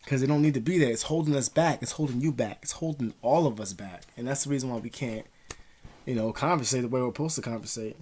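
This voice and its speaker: A man talks straight to his audience, handing out advice in a loose, rambling way. His speech is full of swearing, street slang and fillers, and his voice sits at an ordinary pitch. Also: fast, a little mellow, slightly rough. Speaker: vlogger. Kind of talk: casual advice monologue.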